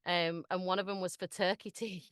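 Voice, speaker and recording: A woman's voice: lowish voice, little pitch movement, fairly quick, a bit bright, dry recording, clean studio sound. A woman in her thirties with a Manchester accent, a voice actor chatting casually as a podcast guest, laughing often and swearing freely. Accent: Mancunian.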